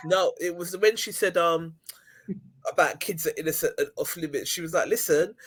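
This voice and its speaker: A woman's voice: fairly low pitch, moderate pace, slightly rough. A woman co-hosting a podcast, chatting casually and laughing a lot. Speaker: podcast co-host. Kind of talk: casual chat.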